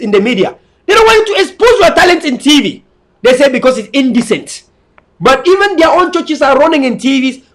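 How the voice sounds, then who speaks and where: Man from cameroon with a very high voice preaching at his viewers, repeats himself a lot, english not his first language. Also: a bit bright. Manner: emphatic, repetitive, preaching. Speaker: online commentator. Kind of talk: lecturing monologue to viewers.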